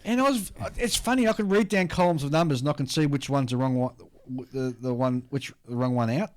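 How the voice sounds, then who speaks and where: A man's voice: mid-range voice, fairly quick, darkish tone. An Australian man co-hosting a hobby podcast, chatting casually and reading out listener mail, rambling and laughing at himself. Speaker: podcast co-host.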